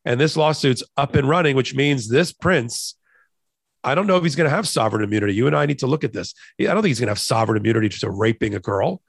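A man's voice: medium pitch, animated, fast talker, gravelly, slightly rough, no echo, clean studio sound. A man co-hosting a law and politics podcast, explaining legal procedure in a casual, conversational way with frequent restarts. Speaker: podcast co-host, trial lawyer.

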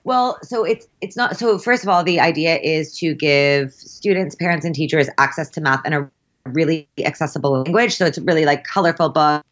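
A low-voiced woman talks fast and animatedly as a podcast guest, her speech full of filler "likes". The recording is a bit dull and lo-fi. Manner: quick, animated, peppered with likes. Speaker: guest, math teacher and musician. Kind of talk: casual interview chat.

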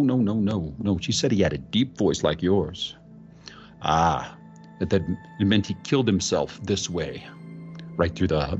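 A man dramatically retelling a ghost story, halting and repeating words, drifting into a celebrity impression with sudden high exclamations. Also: lo-fi sound.

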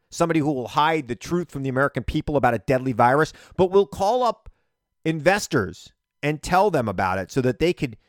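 A man hosting a political podcast, talking in an animated, emphatic solo monologue and repeating phrases for punch. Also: mid-range voice, no room sound, studio quality.

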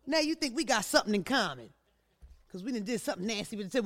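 A woman's voice: on the high side, animated, fast, no room sound. A woman hosting her podcast, telling stories in a brash, profane, casual comedic monologue. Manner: brash, profane storytelling with rising outbursts. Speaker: podcast host.

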